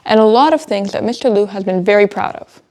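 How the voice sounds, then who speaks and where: A woman's voice: medium pitch, fast talker, dark tone. A teenage girl hosting a student school show, giggling and flustered as she keeps slipping on her lines in outtakes. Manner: giggly, flustered by slip-ups.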